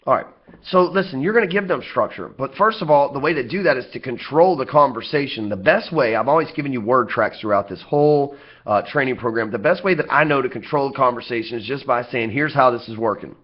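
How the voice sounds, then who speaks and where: A man's voice: mid-range voice, fast. A man with a Southern US accent giving a casual sales training talk, blunt and profane with joking asides. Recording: slightly dull lo-fi audio.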